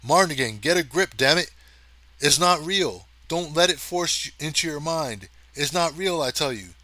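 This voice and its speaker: A man's voice: a little high, expressive, normal speed, sharp tone, no room sound, voice pushed up. A man voicing a determined male cameraman stranded in space, talking in an urgent, pressing way.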